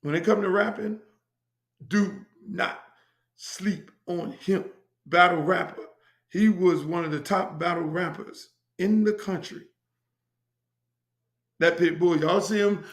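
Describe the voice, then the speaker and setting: A man's voice: high-pitched, takes it slowly, long pauses, roomy sound. Brash, profane man telling stories. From Miami, USA. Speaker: host. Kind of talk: casual storytelling monologue.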